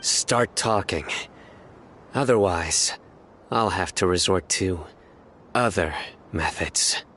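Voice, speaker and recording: A man's voice: sits low, slow, fairly bright tone, slight background noise. A man voicing a stern, feared male general in a game, curt and menacing.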